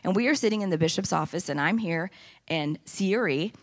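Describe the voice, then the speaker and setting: A woman's voice: lowish voice, lively intonation, a little fast. A woman giving an impassioned sermon testimony in a church, rising into emphatic preaching. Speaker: church speaker. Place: church sanctuary.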